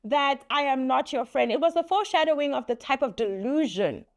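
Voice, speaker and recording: A young woman telling a story on her vlog in a lively, laughing way, acting out what people said. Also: high voice, a little fast. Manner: animated, laughing, acts out quotes. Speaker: vlogger. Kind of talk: casual story time.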